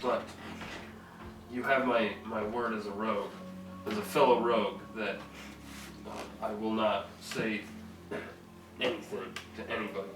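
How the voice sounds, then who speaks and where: A man's voice: lowish voice, little pitch movement, unhurried, pauses often. A man playing in a tabletop game who talks hesitantly and stumbles over his words, recorded from a distance in an echoey room with music behind. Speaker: tabletop player.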